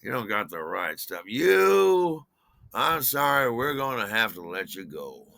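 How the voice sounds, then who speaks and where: A man's voice: mid-range voice, big pitch swings, measured pace, creaky, pushed and bright, no echo, studio quality, full character voice. A man voicing a stern male restaurant boss who is curt and falsely sympathetic. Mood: dismissive.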